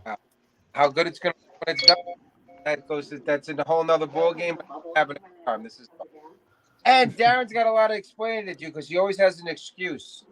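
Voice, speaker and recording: A man's voice: fairly high pitch, quick pace, pushed and bright, rough recording. A man on a video call chatting and teasing his friends in a casual livestream. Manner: joking, teasing, pleading. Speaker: guest model builder.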